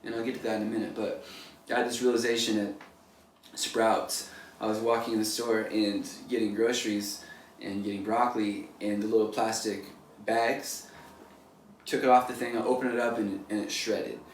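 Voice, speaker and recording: A man's voice: lowish voice, little pitch movement, normal speed. A man, a painter, giving a casual motivational talk in a loose, rambling way full of "like" and "you know", recorded from a distance in an echoey room. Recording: echoey room, distant mic, faint noise.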